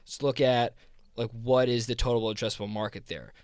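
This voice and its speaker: A man's voice: mid-range voice, steady tone, a little fast, no echo, studio quality. A man with a South Jersey accent talking casually, rambling with lots of fillers and restarts. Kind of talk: casual conversation.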